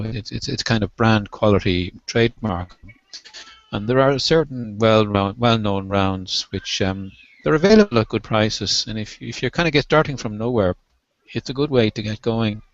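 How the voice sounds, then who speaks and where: A low-voiced man on a panel offers measured, articulate advice in a casual online hangout. His audio is dry and muffled, like a basic web call. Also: no echo. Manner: measured, articulate, gently advising. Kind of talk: casual live hangout chat. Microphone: video call.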